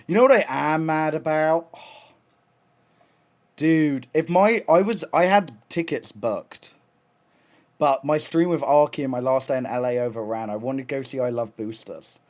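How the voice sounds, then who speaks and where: Excitable, rambling streamer. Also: male voice, a little high, unhurried. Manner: excitable, rambling, swears a lot, many restarts. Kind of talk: casual live-stream chat.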